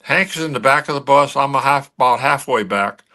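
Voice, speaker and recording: An older man telling a story with a bright, forceful edge to his voice. He talks in an animated way, often stumbling and restarting mid-sentence, like a former athlete swapping old memories on a sports show. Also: mid-range voice, moderate pace. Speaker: guest, former pro athlete.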